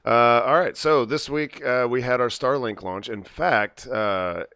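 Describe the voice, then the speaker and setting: A man's voice: medium pitch, a little slow, sharp tone, no room sound, studio quality. A man hosting a casual podcast chat, rambling with lots of fillers and frequent laughs. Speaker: podcast host.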